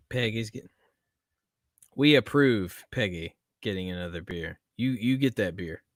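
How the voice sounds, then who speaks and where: A man's voice: lowish voice, expressive, takes it slowly, pauses often, no room sound, studio quality. A man hosting a casual live stream, chatty, laughing often and swearing freely.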